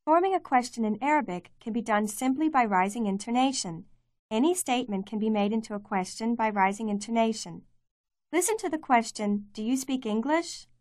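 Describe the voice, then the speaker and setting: A woman giving clear, measured scripted narration for a language course. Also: fairly high pitch, darkish tone, dry recording, studio quality. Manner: clear, measured teaching delivery.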